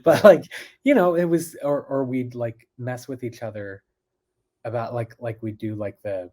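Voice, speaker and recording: A man with a mellow, easygoing manner, chatting casually as a guest and telling stories. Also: mid-range voice, normal speed. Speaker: guest, card magician. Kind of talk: casual chat.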